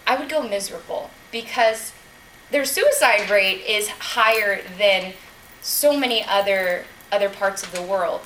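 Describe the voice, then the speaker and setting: A woman's voice: mid-range voice, a little slow, a bit bright, slight background noise, rough recording. A woman from Southern California giving a chatty, rambling impromptu speech at a club meeting, laughing as she goes. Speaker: Toastmasters speaker and meeting toastmaster.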